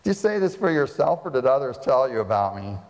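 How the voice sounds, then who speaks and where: Preacher doing a calm steady savior voice, lots of hall echo. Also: male voice, mid-range voice, fast. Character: calm, composed male teacher and savior.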